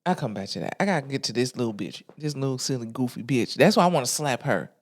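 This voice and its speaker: Animated, profane woman ranting. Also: a bass voice, quick pace. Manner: animated, profane, laughs often. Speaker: podcast host. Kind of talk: casual ranting commentary.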